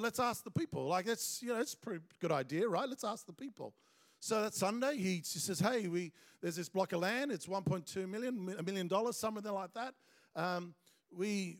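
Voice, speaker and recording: High, gravelly-voiced animated male preacher. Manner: animated, excitable storytelling. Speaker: pastor. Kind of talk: storytelling sermon.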